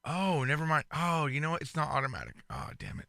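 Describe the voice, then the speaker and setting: A man co-hosting a podcast in casual chat, telling stories with lively delivery and acting out quoted lines. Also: on the high side, quick pace, creaky, no echo. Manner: animated storyteller, acts out quoted lines. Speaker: podcast co-host.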